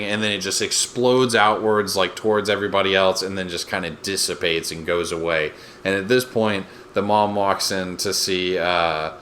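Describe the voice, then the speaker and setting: A man's voice: low voice, sharp tone, a little hiss or hum. A man co-hosting a podcast, recapping a TV episode in loose, rambling casual chat with lots of fillers. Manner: rambling, fillers, quotes scenes with put-on voices. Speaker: podcast co-host.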